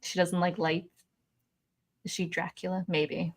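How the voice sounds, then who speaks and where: Slow-talking giggly woman livestream host. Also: fairly low pitch, flat delivery. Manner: giggly, chatty, often laughing. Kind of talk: casual livestream chat. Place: home.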